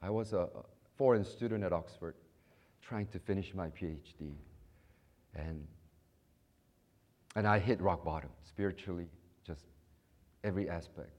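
A middle-aged man preaching a sermon, acting out prayers and dialogue, with sudden loud rises and soft low passages. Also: unhurried, long pauses. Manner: acts out prayers and voices in dialogue. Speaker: pastor.

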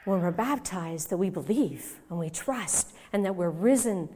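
A woman giving a first-person dramatic monologue as a biblical mother, storytelling expressively and swinging from hushed to loud. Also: fairly low pitch, animated, a little slow. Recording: long reverb in a large hall.

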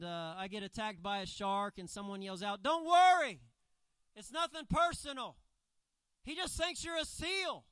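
A man's voice: sits high, bright, forceful tone, clear, resonant tone, no room sound, low-quality recording. A man preaching a sermon as a missionary, emphatic and fond of repeating key phrases. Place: church.

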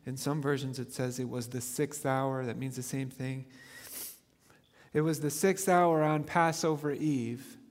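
A man's voice: mid-range voice, steady tone, a little slow, big-room sound. A man preaching a sermon, earnest and emphatic, pushing his voice up on key phrases. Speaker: pastor.

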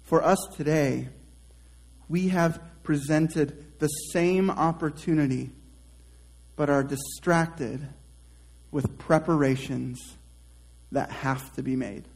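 A man preaching in a fairly high voice, taking his time over each phrase. He lets key words fall away softly, then slips into casual, chatty asides with small restarts. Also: fairly even intonation, low-quality recording. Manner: slow, reflective preaching with drawn-out soft phrase endings; conversational asides and self-restarts. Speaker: pastor. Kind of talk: sermon.

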